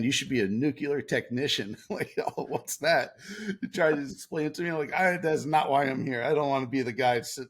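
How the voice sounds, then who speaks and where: A man's voice: mid-range voice, breathy edge. Laughing man telling a story. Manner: animated, laughs often, acts out dialogue. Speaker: podcast guest, former Navy SEAL. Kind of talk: casual storytelling.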